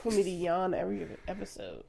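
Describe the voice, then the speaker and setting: A woman co-hosting a podcast from home, chatting casually in a laid-back, soft-spoken way. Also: on the low side, fairly even intonation, fast talker, gravelly, crowd noise. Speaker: podcast co-host. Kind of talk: casual chat.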